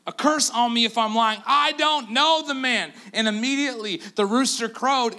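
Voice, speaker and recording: A male pastor with a Canadian accent preaching a sermon, telling the story with lively, acted-out quotes and dropping to quiet asides for emphasis. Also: high-pitched. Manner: animated storytelling, acting out quotes; drops to a near-whisper for emphasis.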